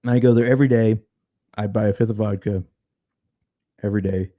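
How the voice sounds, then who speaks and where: A man's voice: lowish voice, steady tone, fairly quick, dark tone, no room sound. Frank, cursing man telling a story. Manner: frank, profane, repeats words when starting. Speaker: podcast guest. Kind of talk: casual storytelling.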